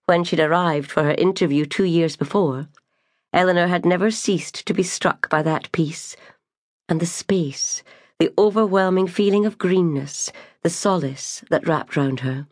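A woman narrating an audiobook in a measured, gentle way. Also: lowish voice, no room sound, clean studio sound. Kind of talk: scripted narration.

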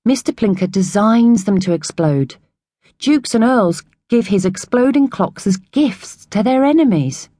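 A woman's voice: mid-range voice, animated, unhurried, warm tone, no echo, studio quality. A woman doing an earnest young orphan boy. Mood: confiding. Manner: earnest, confiding.

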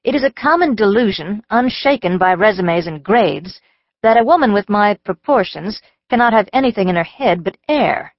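A woman's voice: medium pitch, lively intonation, normal speed, no room sound. A woman narrating an audiobook in the first person, with a wry, dry-humored delivery. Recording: slightly dull dry studio audio.

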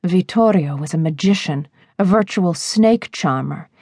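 A woman with a lowish voice reads a romance audiobook in a measured, expressive way. Her sound is dry and close, with no room around it. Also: slightly rough, no room sound. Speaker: audiobook narrator.

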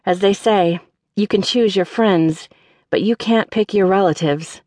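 A woman narrating a mystery audiobook in the first person, in a wry, measured voice. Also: mid-range voice, a little mellow, dry recording, clean studio sound. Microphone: studio microphone.

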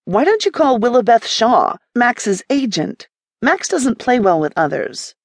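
A woman's voice: a little high, sing-song, measured pace, no echo, studio quality, pitched above the performer's own voice, full character voice. A woman narrator voicing a prickly, defensive young woman artist in an audiobook, snapping back with sarcasm. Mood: snappy, sarcastic. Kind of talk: audiobook character voice.

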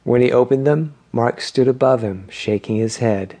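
A man reading an audiobook novel in measured, scripted narration. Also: medium pitch. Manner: measured, even storytelling.

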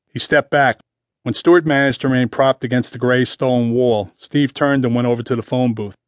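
A man with a medium-pitched voice reads a detective novel aloud in measured, even scripted narration. The recording is dry and close, with no room sound. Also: dry recording. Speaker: audiobook narrator.

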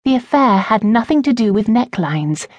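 A woman's voice: fairly high pitch, lively intonation, moderate pace, darkish tone, no room sound, lo-fi sound, pitched above the performer's own voice. A woman narrating an audiobook, voicing a poised young noblewoman who answers her father with composed asperity. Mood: tart. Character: poised young noblewoman, a debutante and patient daughter. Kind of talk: audiobook character voice.

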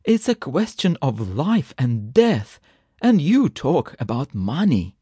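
A man's voice: fairly high pitch, sing-song, slow, mellow, husky, no room sound, clean studio sound, pitched above the performer's own voice, full character voice. A man voicing a frightened man who moans and stammers breathlessly, begging for help. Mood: moaning, pleading. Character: panicked, pleading frightened man.

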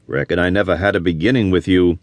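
A man's voice: on the low side, animated, a little slow, dry recording. A man playing a reckless, lovesick young frontier drifter who speaks bitterly and with passion. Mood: impassioned. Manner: bitter and impassioned.

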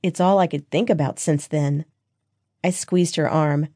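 Woman narrator, first-person read, warm lower voice, intimate and even. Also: measured pace, no room sound, clean studio sound. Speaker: audiobook narrator.

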